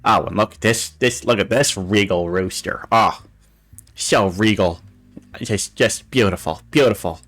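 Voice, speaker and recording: A man's voice: fairly low pitch, unhurried, a bit bright, soft background music. A man hosting a casual livestream chat show, rambling with fillers and restarts and cooing with delight over pictures. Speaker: talk show host.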